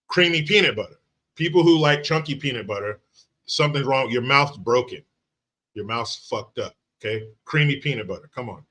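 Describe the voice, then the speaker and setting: A man hosting a casual livestream, reading out viewer comments and greeting people by name in an animated, profane way. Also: fairly low pitch, breathy edge. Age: adult father of young children. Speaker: livestream host.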